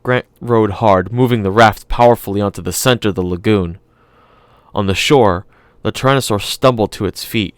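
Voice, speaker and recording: Low, smooth male voice reading an audiobook, calm and measured, dry close sound. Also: no echo. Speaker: audiobook narrator. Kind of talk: scripted narration.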